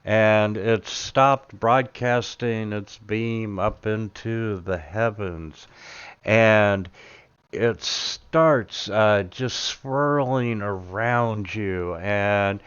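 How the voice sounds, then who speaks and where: A man narrating a tabletop game as its game master, at a very slow, halting pace with plenty of fillers. His voice is very smooth and a little low, and the recording sounds dull and lo-fi. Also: a bit bright.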